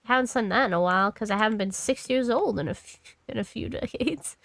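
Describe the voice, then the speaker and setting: A woman's voice: fairly high pitch, fairly quick, vocal fry, no room sound. A woman in her thirties streaming a game, rambling casually to herself and her chat and swearing freely. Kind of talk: casual gaming commentary.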